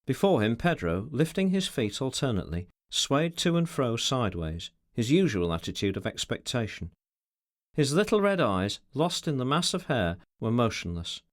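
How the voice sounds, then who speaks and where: A man's voice: mid-range voice, sing-song, normal speed, no echo, studio quality. A man reading an unabridged classic novel aloud as an audiobook narrator, telling the story expressively. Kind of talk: scripted narration.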